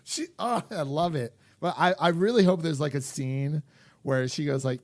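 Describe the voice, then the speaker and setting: A young man co-hosting a film podcast, talking in an animated, rambling way with lots of restarts and fillers. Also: a little high, normal speed, no echo. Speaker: podcast co-host. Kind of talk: casual chat.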